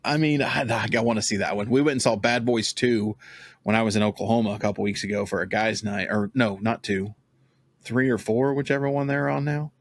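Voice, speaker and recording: A man in his thirties with a fairly low voice hosts a casual podcast chat. He tells stories in an easygoing, talkative way and laughs along. The sound is dry and close, with no room echo. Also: steady tone, a little fast. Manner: chatty, storytelling, laughs often. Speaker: podcast host.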